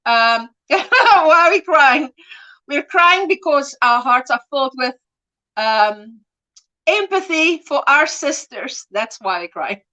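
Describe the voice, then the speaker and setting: A woman with a high, bright voice co-hosts a relaxed crochet livestream. She reads viewer messages aloud affectionately and laughs often. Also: slow, poor audio. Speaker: livestream co-host. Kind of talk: casual crochet livestream chat.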